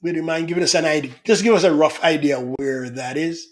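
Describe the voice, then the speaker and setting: A man's voice: fairly high pitch, brisk. A middle-aged man hosting a casual livestream, reading out viewer comments in a chatty, teasing manner. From Jamaica. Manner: chatty, teasing, laughs often.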